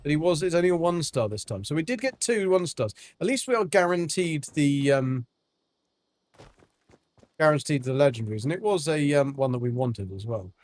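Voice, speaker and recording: Guy streaming a game, rambly chat, um after um, fairly high voice. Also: big pitch swings, normal speed, darkish tone. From England, Devon. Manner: chatty, rambling, lots of ums. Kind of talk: casual livestream chat while gaming.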